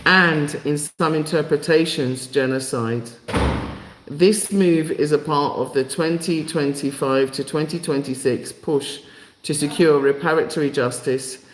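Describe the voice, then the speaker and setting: A man's voice: on the high side, echoey room, slight background noise, low-quality recording. Emotional man hosting a live stream. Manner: emotional, repetitive, rallying. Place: home in Africa.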